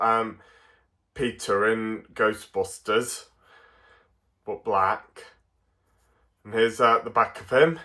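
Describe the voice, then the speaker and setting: Derbyshire man with a bright, forward voice, casual and giggly, unboxing toys on camera. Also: medium pitch. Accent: Derbyshire English. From Derbyshire, England. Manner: chatty, chuckles often, halting with fillers. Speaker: toy reviewer.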